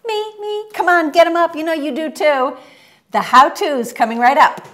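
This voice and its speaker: A woman's voice: sits high, normal speed, heavy background noise. A woman co-hosting a local mortgage TV show, teasing her partner and explaining a refinance program with frequent laughs. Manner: laughs often, upbeat and teasing. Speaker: real estate and mortgage TV show co-host. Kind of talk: scripted TV banter and explainer.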